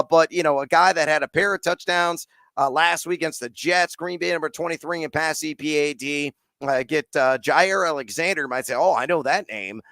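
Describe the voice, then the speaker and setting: Middle-aged guy doing a live fantasy q&a, punchy and excited, bright voice a bit high, dry sound. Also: no room sound. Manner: rapid, energetic, sports slang, frequent "uh" fillers. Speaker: fantasy football and betting host. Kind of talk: live-stream Q&A, reading viewer questions.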